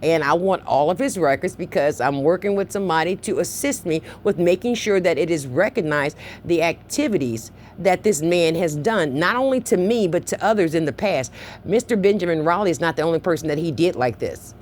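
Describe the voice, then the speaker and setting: A woman's voice: fairly low pitch, lively intonation, brisk, a little mellow, a little hiss or hum. A woman on a phone call pressing a complaint, insistent and emotional, often repeating herself.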